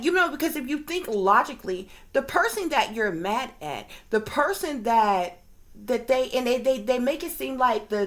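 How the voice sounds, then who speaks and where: A woman's voice: a little high, fairly bright tone. A woman, a psychic reader and video creator, ranting to her viewers in casual, profane speech, often checking in with her listeners. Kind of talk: casual direct-to-camera rant.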